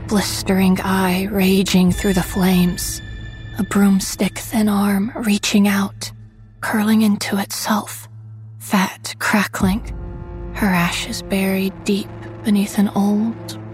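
A woman narrating a first-person horror story in a hushed voice that often drops to a whisper. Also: medium pitch, little pitch movement, slow pace, faint music behind, rough recording.

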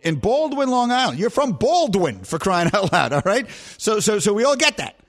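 Animated, rambling male radio host. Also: sits high, moderate pace. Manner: animated, rambling storytelling with laughs. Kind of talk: casual chat on sports radio.

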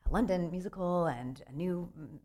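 A woman's voice: lowish voice, moderate pace, warm tone. A woman, a playwright, chatting animatedly in an interview, laughing and restarting her sentences. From Southern United States. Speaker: playwright guest. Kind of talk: casual interview chat.

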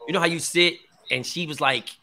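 A man's voice: fairly high pitch, brisk, bright, forceful tone, slight background noise. A man in his thirties, a podcast co-host, telling a personal story in casual chat, full of slang and swearing. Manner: candid storytelling, heavy slang and profanity.

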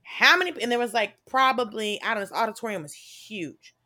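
A bright-voiced Southern woman in her thirties holds the floor in a casual comedy chat. She tells stories with emphatic energy, swears freely and slips into lively quoted voices. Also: mid-range voice, brisk. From American South. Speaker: comedian guest. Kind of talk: casual podcast chat, animated storytelling.

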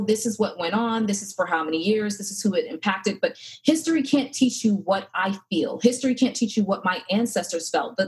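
A woman's voice: mid-range voice, a little mellow, slightly rough, rough recording. A woman in her thirties, a podcast guest, telling her story earnestly and with feeling, with many fillers and restarts. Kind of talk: casual interview talk.

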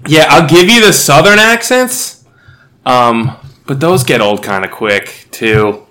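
A man's voice: fairly high pitch, lively intonation, slow, bright, forceful tone, slight background noise. A man co-hosting a sports podcast, joking around and laughing often in casual chat. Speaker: podcast co-host.

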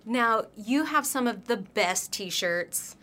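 A woman's voice: a little high, expressive, takes it slowly, bright, forceful tone. A woman hosting an entertainment press interview, enthusiastic and bubbly. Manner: enthusiastic and bubbly, laughs often. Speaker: host.

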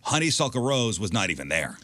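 A man's voice: lowish voice, brisk, no room sound. A man hosting a casual podcast chat, jokey and leading the conversation. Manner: animated, jokey, leads the talk. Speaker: host.

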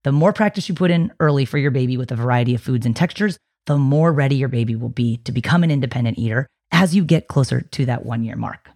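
A podcast host who specializes in feeding talks casually and explains things in a chatty, reassuring way, slipping into a high sing-song baby voice when quoting. Her voice is husky and darkish, and she speaks quickly with few pauses.

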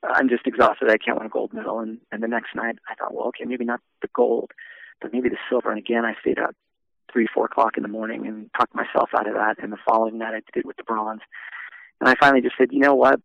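A middle-aged man tells his own story in a relaxed, reflective way, pausing on fillers and restarting his sentences. His voice has a gravelly, creaky edge. The recording is dry and a little dull, lo-fi. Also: mid-range voice, no echo. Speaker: former Olympic gymnast telling his story. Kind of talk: personal storytelling interview.

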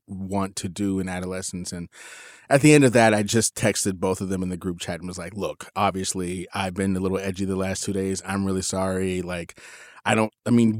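Guy in his 40s chatting, lowish voice, dry close sound, jumps way up when he quotes his kids. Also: no room sound. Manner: animated, acts out quotes with big pitch jumps. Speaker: podcast co-host. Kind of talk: casual storytelling chat.

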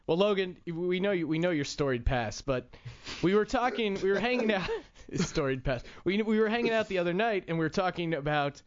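A man's voice: sits high, animated, brisk, highs cut off. A man hosting a talk radio show in casual banter, telling stories and laughing often. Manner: laughs often, tells stories with acted quotes.

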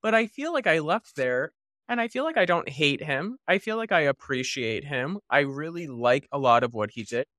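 A man's voice: fairly high pitch, expressive, normal speed, bright, forceful tone, dry recording, studio quality. A man co-hosting a podcast who shares his earnest thoughts on a film in a casual chat. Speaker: podcast co-host.

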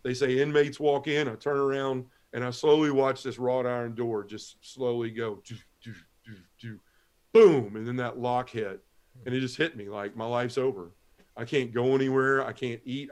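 A man giving a halting, emotional personal testimony as a guest on a talk show, often repeating words as he speaks. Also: mid-range voice. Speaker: guest telling his conversion story.

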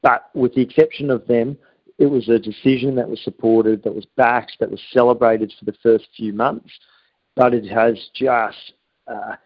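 A man with an Australian accent, a rugby journalist joining as a guest from abroad, talking in a measured, analytical way. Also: medium pitch, steady tone, no room sound. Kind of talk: phoned-in interview. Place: remote, abroad, at night. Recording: dull lo-fi remote line.

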